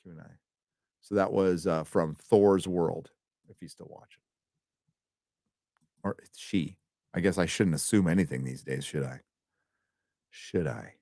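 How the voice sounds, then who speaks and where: A man's voice: low-pitched, measured pace, pauses often, mellow, no echo, clean studio sound. Chatty swearing male stream host. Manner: loose and chatty, swears freely, often stumbles over words. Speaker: host reading donations. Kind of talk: casual live-stream chat.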